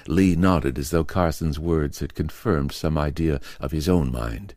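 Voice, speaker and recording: A man narrating a horror story in a measured, expressive storytelling voice. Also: extremely low pitch, no echo, studio quality.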